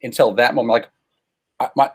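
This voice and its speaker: Man, husky voice, casual storytelling, animated, self-deprecating guest. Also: mid-range voice, brisk.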